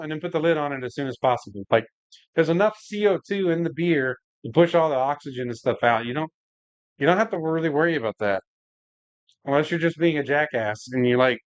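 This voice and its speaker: Smooth and fairly high-pitched, this man runs a home brewing livestream, rambling casually while he works and replies to chat, with frequent "like" and "man." The recording is muffled and has no echo.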